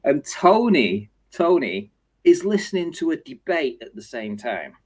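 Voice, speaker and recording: A man hosting a casual podcast, telling a story in an animated way, often laughing and mimicking the people in it. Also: a little high, measured pace, slightly rough. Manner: animated, laughs often, acts out others' voices. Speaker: show host.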